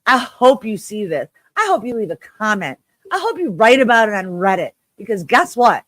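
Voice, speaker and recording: A woman yelling in an angry livestream rant, furious and emphatic. She swears bluntly and hammers out short, repeated commands. Her voice sits mid-pitch and sounds dry and close. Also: very animated, normal speed, no echo.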